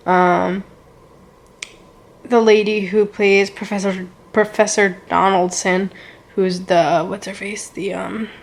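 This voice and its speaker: Gushing young woman with a flat voice. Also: mid-range voice, slow, vocal fry. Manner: gushing, rambling, heavy use of "like" and "so good". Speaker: vlogger. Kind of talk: casual storytime vlog.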